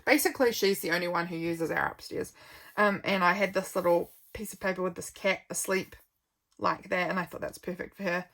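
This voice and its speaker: A woman's voice: on the low side, fairly even intonation, a little fast, vocal fry, fairly bright tone. A young woman who chats casually through her journal, rambling a little and yawning often because she is tired. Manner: rambling, friendly, stops for frequent yawns. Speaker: vlogger.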